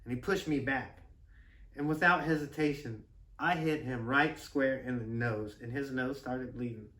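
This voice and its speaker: A man, a father and podcast host, telling stories in a casual, rambling, animated way, quick to laugh. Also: mid-range voice. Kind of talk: casual storytelling chat. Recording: roomy room with a distant mic.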